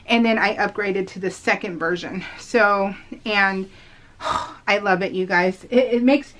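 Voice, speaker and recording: A woman's voice: mid-range voice, a bit bright. A woman talking casually to her viewers in a rambling voice-over, full of fillers and frequent laughter. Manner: rambling, lots of fillers, addresses viewers as "you guys"; laughs often while telling stories. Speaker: vlogger.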